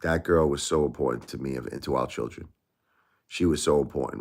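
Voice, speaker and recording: A man's voice: rumbling low, a little fast, vocal fry, darkish tone. A middle-aged man hosting a livestream, talking emotionally to viewers and repeating himself as he grieves. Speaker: livestream host.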